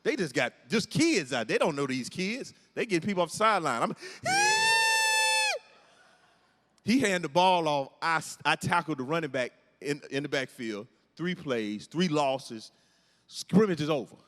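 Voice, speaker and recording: A comedian telling a story on stage, animated and acting out the scenes and voices. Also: male voice, a little high, moderate pace. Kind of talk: stand-up storytelling. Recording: echoey hall with long reverb.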